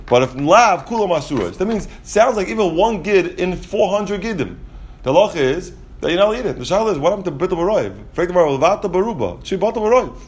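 A man explaining Talmud in a casual class, rapid and full of restarts and asides. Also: high voice, lively intonation. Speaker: Talmud teacher.

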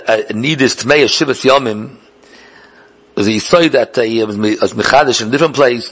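Guy teaching talmud, husky voice, keeps restarting and repeating words, drops hebrew terms all over. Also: medium pitch, a bit bright. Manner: thinks aloud with many repeated words and restarts; mixes English with Hebrew and Yiddish learning terms. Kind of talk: Talmudic lecture.

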